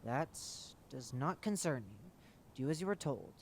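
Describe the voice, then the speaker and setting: Man putting on an impatient woman researcher, curt, cold, commanding, middle-pitched voice. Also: lively intonation, measured pace, a little hiss or hum. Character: impatient, scornful female senior researcher.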